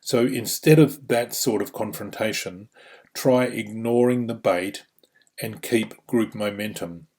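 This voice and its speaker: A man's voice: on the low side, unhurried, darkish tone. An Australian man who works as a trainer, walking through course material in an explanatory way with frequent "you know" and "um" fillers. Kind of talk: instructional course narration.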